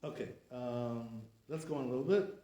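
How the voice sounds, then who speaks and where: A man's voice: mid-range voice, moderate pace, dark tone. A man teaching as a rabbi, correcting pronunciation and drilling words with rhetorical questions. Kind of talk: classroom lesson. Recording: echoey room sound.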